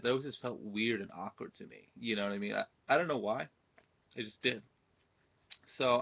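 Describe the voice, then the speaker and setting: Recorded through a computer webcam mic with dull audio, a young man with a lowish, gravelly voice gives social confidence tips from home. His casual monologue is peppered with "right?" and acted-out quoted greetings.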